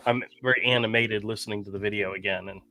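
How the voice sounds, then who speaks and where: A man telling a story in a casual podcast chat, animated and swearing freely. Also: fairly low pitch, quick pace, no echo. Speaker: podcast co-host.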